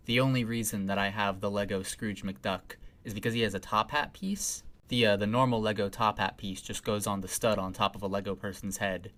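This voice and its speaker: A man's voice: on the low side, sharp tone. A man giving sarcastic commentary, rambling into dry asides and mock-casual answers. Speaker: video essay critic.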